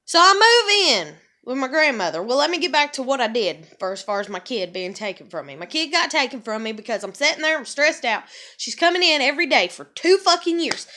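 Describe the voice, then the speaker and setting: A woman's voice: high voice, big pitch swings, fairly quick, pushed and bright. A woman, venting in an angry, profane confessional rant to camera. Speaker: vlogger.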